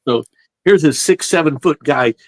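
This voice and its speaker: A man's voice: on the high side, normal speed, dry recording. A man telling a long prank story in a casual, rambling chat, looping back with "so anyway" between beats. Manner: rambling, animated anecdote-telling with "so anyway" asides. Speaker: show guest telling stories.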